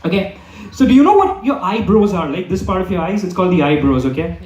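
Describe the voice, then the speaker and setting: A man's voice: high voice, lively intonation, fast, a little mellow, muffled recording. A young man doing a stand-up comedy set in a club, rambling and asking "okay?" after nearly every line. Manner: rambling, repeats "okay?" often. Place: comedy club hall with live audience. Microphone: handheld microphone. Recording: roomy hall, distant mic.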